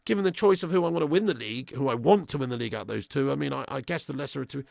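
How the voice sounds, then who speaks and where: A man's voice: mid-range voice, racing, gravelly, a little mellow, dry recording, clean studio sound. A young man hosting a live match watch-along, swearing freely and reading out viewer messages. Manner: crude, swearing fan banter; reads out viewer super chats. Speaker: fan channel host.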